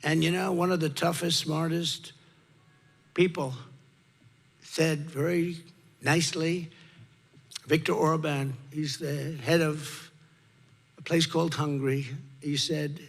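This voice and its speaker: A man's voice: on the high side, flat delivery, takes it slowly, creaky, pauses often. An older man giving an off-the-cuff campaign rally speech into a podium microphone, repeating short emphatic lines. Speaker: political candidate. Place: large rally venue before a crowd. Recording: reverberant rally PA, faint crowd.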